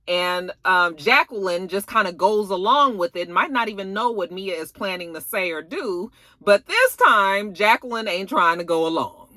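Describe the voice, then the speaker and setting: A woman's voice: mid-range voice, moderate pace, hardly any pauses, dry recording. A woman recapping a reality show in a chatty, colloquial, sassy way, acting out what people said. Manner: animated, acts out quotes dramatically. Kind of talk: casual recap vlog.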